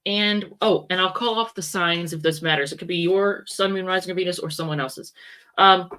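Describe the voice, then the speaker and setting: Speaking at a moderate pace in a lowish, bright voice, this woman delivers a loose, meandering tarot reading with real force behind it. She often stops to fix what she just said and wanders into friendly tangents.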